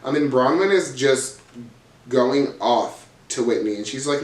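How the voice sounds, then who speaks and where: A man chatting through a reality TV recap, gossipy and blunt with plenty of swearing, his voice sitting at an ordinary middle pitch. He sounds a little away from the mic in a roomy space that echoes. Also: normal speed, a little mellow, distant mic. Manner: gossipy, profane, dramatic retelling. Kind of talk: casual recap vlog.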